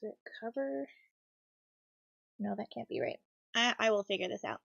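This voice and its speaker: A woman chatting in a gentle, reassuring way while she builds a craft kit, talking close to her desk mic. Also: medium pitch, sing-song, normal speed, gravelly, dry recording, lo-fi sound. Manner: soft-spoken, reassuring, gentle. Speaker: craft streamer. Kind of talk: cozy casual chat while building.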